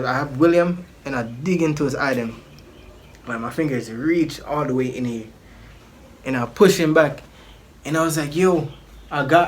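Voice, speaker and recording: A man at a middle pitch tells a personal story to his channel. He rambles in loose slang and restarts often. It is relaxed storytime vlog talk. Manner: animated, acts out the people in his story.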